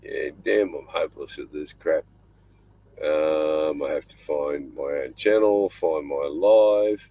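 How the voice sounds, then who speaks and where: Gravelly older Australian man, slow and chatty. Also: very deep voice, dry recording, dull audio. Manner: rambling, chatty, talks fondly to his dog. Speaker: livestream host. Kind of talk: casual live-stream chat. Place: inside a small boat cabin at night.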